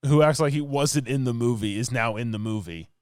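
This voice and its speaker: A man with a smooth, resonant voice rambles through a movie plot for his podcast, full of fillers and asides. The sound is close and dry, with no room around it. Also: mid-range voice, fairly quick, darkish tone, dry recording. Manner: rambling, filler-heavy storytelling with laughs. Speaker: podcast co-host. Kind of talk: casual movie recap.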